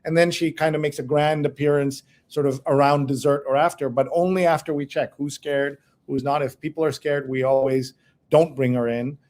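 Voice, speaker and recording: Host: middle-aged man, casual chatty storyteller, slightly high voice. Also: fairly even intonation, moderate pace, darkish tone. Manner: chatty, storytelling, laughs often. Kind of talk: casual news discussion.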